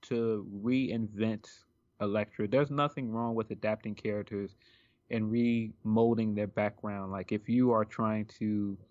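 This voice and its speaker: A man's voice: lowish voice, fairly even intonation, a little slow, darkish tone, dry recording, highs cut off. A man co-hosting a podcast in casual chat, rambling with lots of ums and likes. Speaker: podcast co-host.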